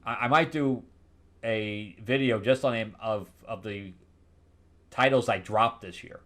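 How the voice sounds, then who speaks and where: A man's voice: fairly low pitch, measured pace, a bit bright. Sarcastic, rambling comic reviewer man. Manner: sarcastic, rambling with many restarts. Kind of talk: casual comic recap.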